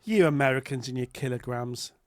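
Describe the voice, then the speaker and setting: A man's voice: medium pitch, brisk, a little mellow, no room sound. A British man co-hosting a comedy podcast, chatting casually with dry, musing remarks and rhetorical questions. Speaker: podcast co-host.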